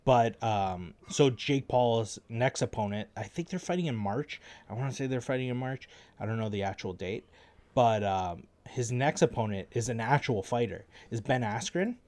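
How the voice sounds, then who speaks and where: A man's voice: medium pitch, moderate pace. A young man hosting a casual chat, easygoing as he explains his views. He fills his talk with "like" and "um", and his voice sits in the middle of a man's range. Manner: relaxed, explaining, many fillers like "like" and "um".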